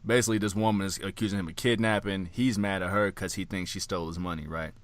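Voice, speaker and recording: Animated, swearing male podcast co-host. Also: deep voice, fast, no room sound. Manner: animated storyteller, laughs loudly, swears freely. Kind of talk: casual chat.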